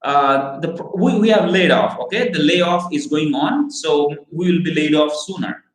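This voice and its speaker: A man's voice: fairly high pitch, lightly acted. A man acting out a worried laid-off job candidate. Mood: hesitant. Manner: hesitant, halting. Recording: roomy echo.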